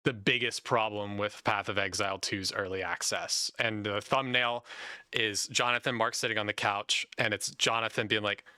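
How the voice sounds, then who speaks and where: Young male podcast host, bright forceful voice, dry close sound, animated run-on talker. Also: on the low side, clear, resonant tone, dry recording. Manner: animated, talks in long run-on stretches. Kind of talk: casual podcast chat.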